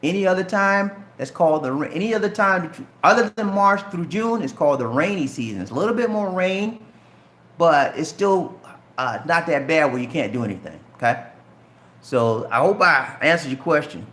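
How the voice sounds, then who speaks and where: A middle-aged man from Charleston, South Carolina, with a light Southern Geechee accent casually answers viewer questions on a live stream, chatting and calling viewers "man" and "bro." His voice is a little high, animated, fairly bright, at normal speed, and reverberant.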